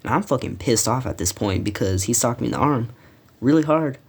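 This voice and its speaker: A man's voice: mid-range voice, lively intonation, fairly quick, a little mellow, breathy edge. A teenage boy telling a story from school in a casual, rambling, profane way, with frequent restarts. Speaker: storytime vlogger.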